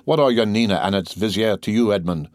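A man's voice: fairly low pitch, fast, darkish tone, dry recording, studio quality, lightly acted. A man reading a desperate pleading mother. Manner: pleading, despairing. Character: desperate pleading noblewoman, mother, middle-aged. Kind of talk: audiobook character reading.

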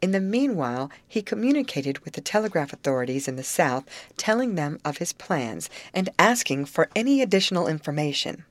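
A woman narrating a storybook chapter in an even, measured manner. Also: sits low, dry recording. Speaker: audiobook narrator. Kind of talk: scripted narration.

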